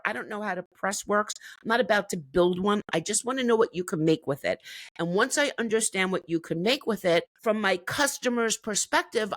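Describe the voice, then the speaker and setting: A woman's voice: medium pitch, fairly bright tone, dry recording. A woman from the United States chatting enthusiastically as an interview guest, now and then laughing as she talks. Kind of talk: casual interview chat.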